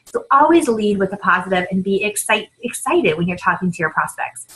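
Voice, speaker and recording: A woman in her thirties giving an upbeat coaching talk to new sellers, with frequent "right?" and "um", acting out sample sales pitches. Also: lively intonation, a little fast, few pauses, fairly bright tone, low-quality recording. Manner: upbeat, repeats points with "right?" and "um". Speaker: team leader training new sellers.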